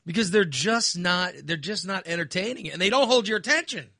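A man's voice: sits high, lively intonation, fairly quick, pushed and bright, no room sound, studio quality. A man ranting casually, exasperated and sarcastic, sounding fired up. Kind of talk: casual opinion rant.

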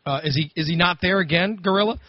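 A male radio show host, excitable and teasing, running a comedic talk show. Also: high-pitched, fast talker, dry recording. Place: radio studio. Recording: slightly dull studio audio with faint music.

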